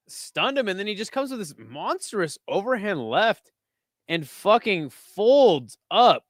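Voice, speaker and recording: A man hosting a live watch-along of a kickboxing event. He talks casually and swears a lot, breaking into excited shouts at big moments. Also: sits high, dry recording, clean studio sound. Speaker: host.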